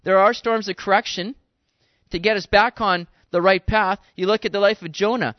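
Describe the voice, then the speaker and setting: A man, a pastor, giving a conversational sermon, animated and casual with slangy asides. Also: high voice, moderate pace, dry recording, dull audio.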